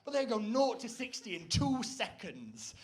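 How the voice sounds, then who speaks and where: High-voiced man doing stand-up. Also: very animated, unhurried. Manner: rambling, self-deprecating, bursts into loud shrill impressions. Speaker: stand-up comedian. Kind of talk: stand-up comedy set. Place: stage before a live audience.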